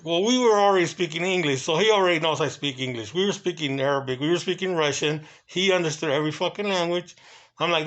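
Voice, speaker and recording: A man who works hotel security, telling a casual story in loose, halting runs and bursting into profane exclamations. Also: on the high side. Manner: excitable and profane, breaks into quoted exclamations; talks in loose, halting runs with many fillers.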